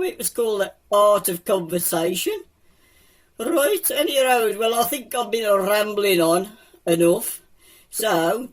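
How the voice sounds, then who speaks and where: A man's voice: high-pitched, pitched above the performer's own voice. A man voicing a folksy male puppet show host who rambles nostalgically.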